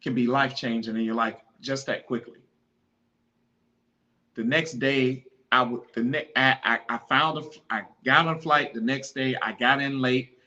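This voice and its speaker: A man hosts a podcast and tells a deeply personal story. His voice is bright and sharp, and his pitch sits in the middle of the male range. He talks with fervent, pleading emotion that sinks into hushed grief. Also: steady tone, normal speed, highs cut off. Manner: impassioned, pleading, then hushed and grieving. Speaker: podcast host.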